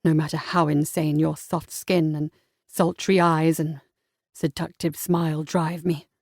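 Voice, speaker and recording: A deep-set, husky young Regency lord, tender and ardent, spoken close and dry, as a woman narrator puts him on. His voice sits well below a woman's usual range. It is an audiobook romance character. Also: little pitch movement, measured pace, darkish tone, dry recording. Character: ardent young male Regency gentleman lover.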